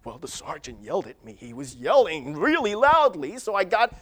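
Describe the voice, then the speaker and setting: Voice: medium pitch, huge pitch swings, moderate pace. A preacher voicing a frightened young male private, explaining himself in a hurry. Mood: nervous.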